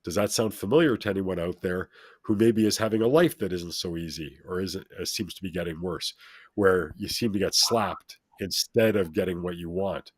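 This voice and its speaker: A man with a fairly low voice, recorded dry and close with no room sound. He speaks as a guest in an earnest, motivational way. He leans on repetition to drive his points home. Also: moderate pace, no room sound. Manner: emphatic, repeats phrases for effect.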